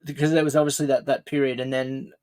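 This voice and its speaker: A man's voice: medium pitch, flat delivery, quick pace, a little mellow, clean tone. A man hosting a podcast, asking his guest questions in a friendly, rambling way with many restarts. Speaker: podcast host. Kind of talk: casual podcast interview.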